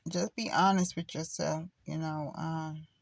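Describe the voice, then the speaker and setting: Talking directly to the camera on her channel, this middle-aged woman, a spiritual vlogger, chats in a blunt, preachy, meandering way. Her voice is deep and creaky, with fairly even intonation and a measured pace, recorded without echo.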